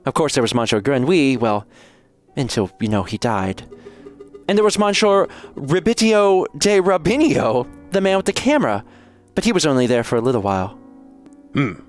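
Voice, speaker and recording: A man's voice: mid-range voice, expressive, moderate pace, faint music behind, lightly acted. A man voicing a young noble cat girl who is sweet, chatty and naive, talking in a bubbly, breathless way.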